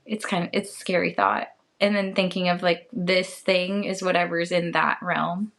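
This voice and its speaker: A woman co-hosting a podcast, chatting casually in an unhurried, hesitant way with many filler words. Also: on the low side, flat delivery, gravelly, a bit bright. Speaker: podcast co-host.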